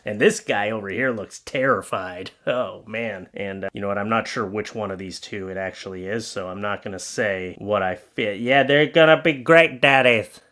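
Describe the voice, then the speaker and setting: A man's voice: lowish voice, normal speed, few pauses, a bit bright. A man hosting a comedic reaction video, reacting to pictures and clips with joking, sarcastic asides. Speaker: YouTube host.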